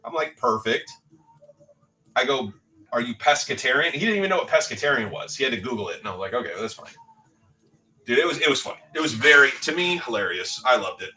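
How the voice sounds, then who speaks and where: A man's voice: mid-range voice, lively intonation, fast talker, bright, forceful tone, distant mic, low-quality recording. A middle-aged man telling a story in a loose, joking, casual way, swearing now and then as host of a livestream. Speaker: livestream card-break host.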